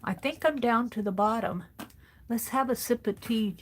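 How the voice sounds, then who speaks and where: A woman's voice: fairly high pitch, moderate pace, slight background noise. A woman hosting a craft livestream, chatting casually and thinking aloud as she sorts supplies at her home craft desk, greeting viewers by name. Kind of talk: casual chat while sorting craft supplies.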